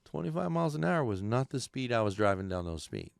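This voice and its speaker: A man on a podcast spins a story with a lively voice that jumps up and down in pitch, cursing at every turn and acting out the people in it. His voice is smooth and full, and the room is dry and close. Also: quick pace, no echo. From California. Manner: animated, swears constantly, acts out voices in his stories. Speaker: podcast host. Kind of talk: casual profane storytelling. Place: podcast studio.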